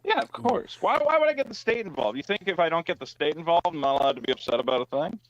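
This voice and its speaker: A man with a fairly high voice defends himself in a heated but measured debate. His audio sounds dull and lo-fi, with no room sound around it. He talks in a casual, plain way. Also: lively intonation, dry recording. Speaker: comics debate guest.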